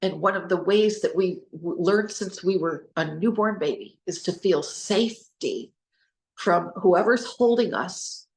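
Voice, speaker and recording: Earnest woman, gravelly, in an echoey room. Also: on the low side, a little slow. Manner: earnest, spells out words, rambles with restarts. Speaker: host, trauma recovery speaker. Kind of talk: informal talk to listeners.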